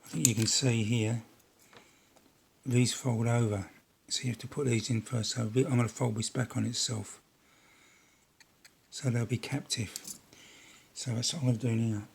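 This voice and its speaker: A man's voice: mid-range voice, fairly even intonation, normal speed, creaky, long pauses, husky. A man hosting a model railway channel, narrating his build in a rambling, casual way with jokey, self-deprecating asides.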